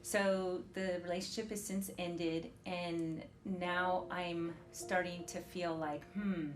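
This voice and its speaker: Nervous, halting woman in her forties. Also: fairly low pitch, flat delivery. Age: 40s. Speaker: documentary subject. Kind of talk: candid conversation. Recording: background music over the scene.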